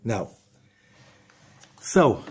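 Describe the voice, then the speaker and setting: A man giving a spoken Torah lesson, full of rhetorical questions and acted-out exchanges. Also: extremely slow. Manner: animated, rhetorical questions, mock dialogue. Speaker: rabbi teaching Zohar.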